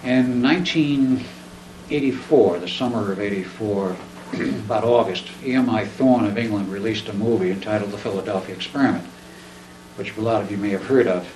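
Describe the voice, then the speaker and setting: His voice is lowish and his speed normal as he casually rambles on about something from his own life in a living-room setting. He gets animated, voicing the dialogue himself. Recorded from a distance in a roomy room, faint noise behind.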